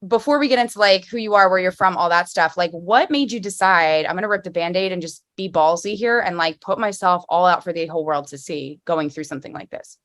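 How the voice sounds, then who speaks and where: A woman's voice: lowish voice, brisk, few pauses, fairly bright tone. A young woman from the Philadelphia area with a Philly accent, hosting a casual podcast interview and rambling with many fillers. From Philadelphia area, USA. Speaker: podcast host.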